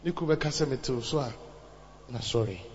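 A man's voice: mid-range voice, fairly quick, darkish tone, long reverb tail, dull audio, slight background noise. A man preaching a sermon, quoting scripture and repeating lines with rising fervor. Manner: preaching with rising intensity and emphatic repetition.

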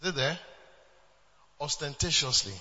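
A man's voice: a little high, moderate pace, pushed and bright, big-room sound, highs cut off. A man preaching a sermon as pastor, emphatic, with repeated refrains and bursts of laughter.

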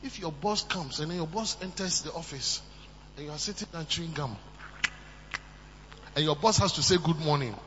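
A man preaching a sermon, moving from soft asides to shouted emphasis. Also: a little high, moderate pace, pauses often. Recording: muffled, with long hall reverb and faint hum.

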